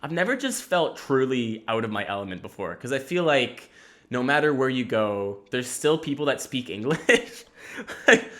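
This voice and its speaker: A man hosting a casual solo podcast, wandering from story to story in an animated, offhand way. His voice sits in a middle pitch with a bright, forceful edge. He swears freely and laughs easily as he talks. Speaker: podcast host.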